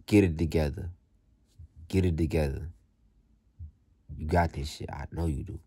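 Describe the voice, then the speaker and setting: Young guy with a lowish voice going off on a profane pep talk, dry close sound. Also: warm tone, breathy edge, dry recording. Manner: blunt, profane, repetitive, slangy. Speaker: vlogger. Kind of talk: motivational rant.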